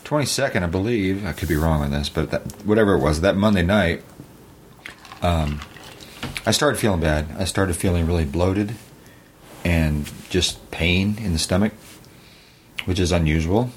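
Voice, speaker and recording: Very deep-voiced, dry-talking man. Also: normal speed, long pauses. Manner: dry, self-deprecating, matter-of-fact. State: tired, recovering from surgery. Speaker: podcast co-host. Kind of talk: casual podcast chat. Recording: faint background noise.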